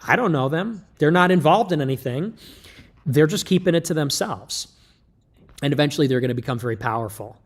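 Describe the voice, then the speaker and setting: A man's voice: on the high side, animated, a little fast. A man delivering an emphatic, lecturing livestream monologue, loose and joking in tone. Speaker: livestream commentator.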